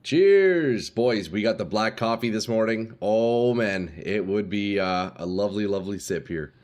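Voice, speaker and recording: With a darkish tone and a fairly low, even voice, a game streamer talks at normal speed. He hangs out with his viewers in easygoing, slangy livestream chat, calling them "boys" and "dude."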